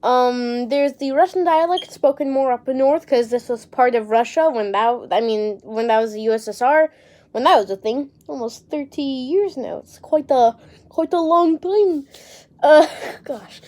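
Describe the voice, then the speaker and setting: A woman's voice: high-pitched, a little slow, darkish tone. A young woman talking casually to camera, rambling and unsure, with casual swearing and lots of fillers. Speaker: vlogger.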